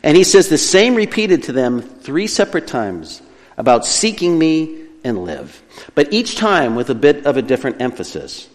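A man's voice: on the high side, sing-song, moderate pace, big-room sound. A male pastor preaching an earnest, emphatic sermon, now and then correcting himself as he teaches.

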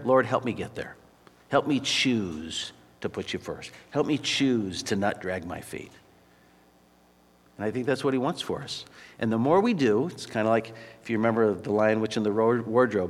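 A male pastor preaches in a relaxed, storytelling way, then drops into a quiet, earnest prayer. His voice sits at an ordinary pitch. It rings out with the long reverb of a large church hall. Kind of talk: sermon.

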